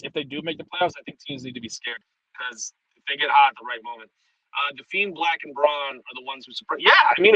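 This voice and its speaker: A man with a New York accent, chatting casually on a live stream and swearing freely. His voice is bright and a little high, and it swings widely as he bounces from one topic to the next. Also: rough recording. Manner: rambling and profane, jumping between topics. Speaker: streamer host.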